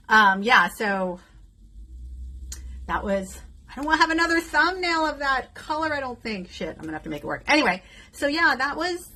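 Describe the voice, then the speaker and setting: A woman's voice: mid-range voice, pushed and bright, low-quality recording. A woman in her fifties talking candidly in a casual vlog while doing her makeup, chatting openly with plenty of fillers. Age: 50s. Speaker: beauty vlogger.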